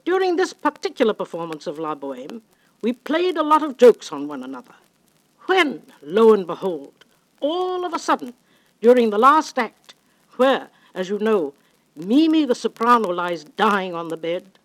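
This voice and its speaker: An older woman, a singer, recounting a backstage story in an animated, theatrical storytelling manner. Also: mid-range voice, moderate pace, low-quality recording. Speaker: opera singer telling an anecdote. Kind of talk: spoken reminiscence.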